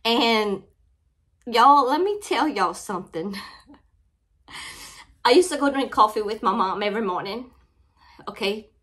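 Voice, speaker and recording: Slow-talking Cajun woman, tearful and heartfelt. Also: a little high, expressive, fairly bright tone. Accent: Cajun Louisiana. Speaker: crafting channel vlogger. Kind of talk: casual unboxing vlog.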